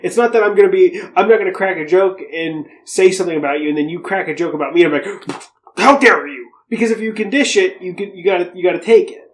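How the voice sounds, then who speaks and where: A man's voice: high-pitched, fast, low-quality recording. A young man co-hosting a podcast, telling a story in a rambling, profane, casual way. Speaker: podcast co-host. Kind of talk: casual chat.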